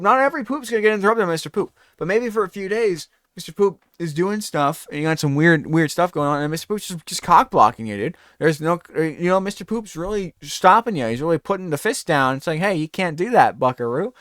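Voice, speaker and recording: A man's voice: on the high side, brisk, hardly any pauses, no echo, studio quality. A man hosting a talk show, telling a rambling comedic bit and acting out scenes. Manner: animated, rambling, acts out scenes.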